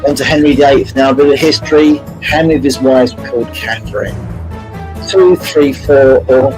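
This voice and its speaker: A man's voice: medium pitch, normal speed, darkish tone, soft background music, rough recording. A man hosting a live-streamed multiple-choice quiz, chatty and jokey, greeting viewers by name as he reads out the questions. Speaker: quiz host.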